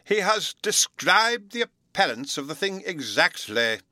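A man's voice: a little high, expressive, sharp tone, dry recording, studio quality, voice pushed up. A man doing a pompous old storybook professor. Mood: pompous lecturing. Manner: slow, pompous lecturing delivery. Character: fussy absent-minded old male professor lecturing. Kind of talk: storybook reading.

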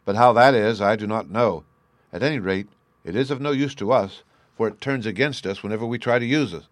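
A man reading aloud as a starving, greedy prince who dotes feverishly on his gold, a little higher and louder than his narration. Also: fairly quick, dry recording, natural voice. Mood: dismissive. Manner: doting, feverish.

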